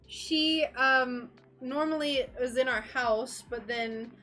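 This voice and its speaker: A woman's voice: sits high, slow, hardly any pauses, bright, forceful tone, faint music behind. A young woman streaming from her craft workspace, chatting casually and cooing fondly at her dog. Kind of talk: casual live-stream chat.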